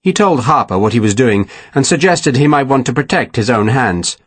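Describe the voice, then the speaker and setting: A man narrating an audiobook with steady, expressive storytelling. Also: mid-range voice, normal speed, slightly rough, no room sound. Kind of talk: scripted narration.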